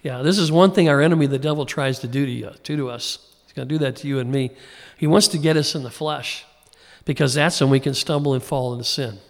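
A man's voice: mid-range voice, fast talker, long reverb tail. A man preaching a casual, conversational Bible teaching sermon, folksy and informal, sometimes acting out the people he quotes. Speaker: pastor.

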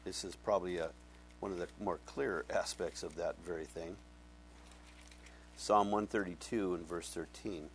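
A man preaching a Bible-teaching sermon, animated and conversational, often asking his congregation questions. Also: low-pitched, a little hiss or hum. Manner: conversational, folksy. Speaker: pastor.

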